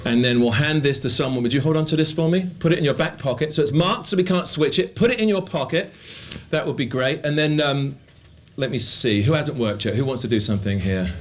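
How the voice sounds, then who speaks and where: A man performing a book test as a magician, with brisk, coaxing patter. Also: medium pitch.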